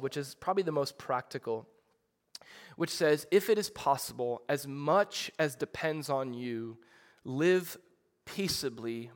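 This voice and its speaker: A man preaching a sermon in a conversational, animated way, with frequent restarts and asides. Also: mid-range voice, in a large hall. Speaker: pastor.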